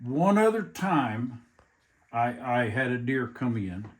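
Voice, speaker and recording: An older man, a taxidermist chatting casually, talking slowly with halting restarts and rural grammar. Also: medium pitch, big pitch swings. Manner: slow, halting, repeats words, rural grammar. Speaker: taxidermist guest. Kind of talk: casual chat.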